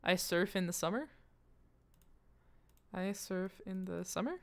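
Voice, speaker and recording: A woman streamer chatting casually to her live audience, excitable and quick to swear, with sudden loud outbursts, sounding out foreign phrases as she practices them. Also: mid-range voice, vocal fry. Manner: repeats foreign phrases aloud while practicing.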